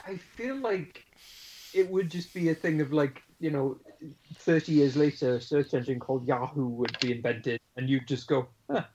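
A man's voice: mid-range voice, moderate pace, a little mellow, a little hiss or hum, low-quality recording. A man co-hosting a podcast, discussing a film in a thoughtful, analytical way with some hesitation. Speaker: podcast co-host.

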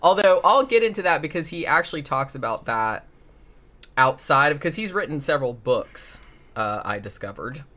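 A man's voice: on the high side, very animated, moderate pace, sharp tone. Sarcastic rambling man recapping. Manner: sarcastic, rambling, swears freely. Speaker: podcast host. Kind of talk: casual chat.

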